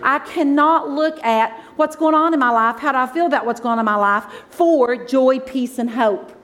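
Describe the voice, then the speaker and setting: High-voiced woman preaching warmly. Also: normal speed. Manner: emotional, conversational preaching, swings from loud exclaims to soft asides. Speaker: pastor's wife preaching. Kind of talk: sermon.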